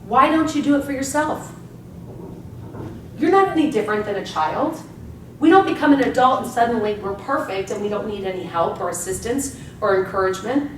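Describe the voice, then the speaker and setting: A woman's voice: a little high, animated, brisk. A woman giving a live motivational seminar talk to an audience, speaking emphatically and energetically and often checking in with "right?". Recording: echoey room, distant mic, faint background hum.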